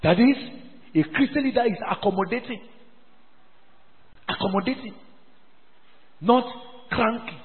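A man's voice: extremely high pitch, animated, measured pace, pauses often, long reverb tail, narrow, tinny audio. A man preaching a sermon, emphatic and scolding, repeating his phrases for stress. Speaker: pastor.

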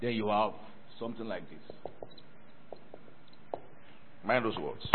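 Speaking slowly in a fairly low voice, a man preaches a sermon built around a Bible word study, with slight background noise present. He's animated, prompting the congregation for responses and tossing in laughing, mocking remarks, all through an echoey hall and a tinny, phone-like connection.

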